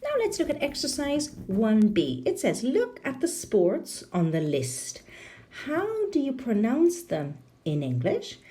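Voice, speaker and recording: A woman leads an English lesson, walking learners through an exercise slowly and clearly. Her voice is mellow and dark, and her pitch rises and falls in big, animated sweeps. She keeps throwing questions to the class. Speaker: English teacher.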